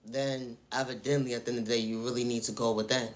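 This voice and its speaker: Fast and flat, a medium-pitched man with slight background noise preaches to the viewer about faith and self-worth. This spiritual vlogger's motivational monologue keeps returning to the same refrains.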